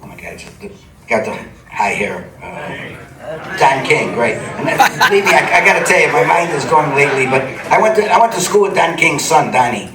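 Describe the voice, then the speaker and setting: An older Cleveland, USA, television personality tells rambling anecdotes on stage to a live supper club audience, chuckling plenty. His voice is a little high and animated at a moderate pace, picked up by a distant mic in an echoey club with crowd noise and audible ambience.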